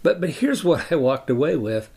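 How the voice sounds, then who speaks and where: Elderly male storyteller, gravelly, measured reminiscing. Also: on the high side, very animated, a little mellow. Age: 80s. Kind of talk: personal storytelling.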